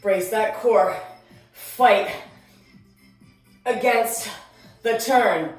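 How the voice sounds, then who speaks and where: A woman's voice: medium pitch, drawn-out words. Breathless woman coaching a workout. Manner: energetic cueing, counting down, chatty asides. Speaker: fitness instructor. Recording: roomy echo, distant mic, music behind.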